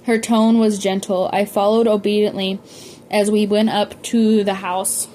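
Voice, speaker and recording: A woman's voice: medium pitch, level tone, a little slow, warm tone, slight background noise. A woman reading a novel aloud, often stumbling and correcting herself as she goes. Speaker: audiobook reader.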